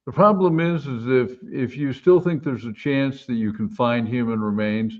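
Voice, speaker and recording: A man who worked as a cop, calmly explaining a legal point in a panel discussion. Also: mid-range voice, unhurried. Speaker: former police officer. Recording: tinny phone-like line.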